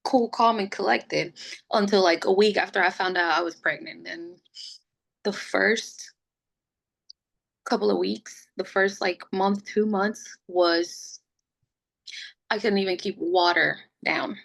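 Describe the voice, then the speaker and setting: A young adult woman, a podcast guest, telling her pregnancy story in a casual, chatty way, full of "like" and quick laughs, open and emotional. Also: mid-range voice, steady tone, gravelly. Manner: chatty, fills speech with "like", laughs often.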